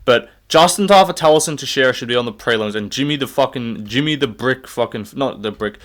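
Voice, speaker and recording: A young man rants through his fight picks, swearing freely and looping back on himself. He sounds loose and opinionated, talking at a middle pitch as he stands recording on his own. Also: fairly quick, fairly bright tone. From Australia. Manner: rambling, profane, opinionated. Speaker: MMA fight predictor. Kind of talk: casual solo rant.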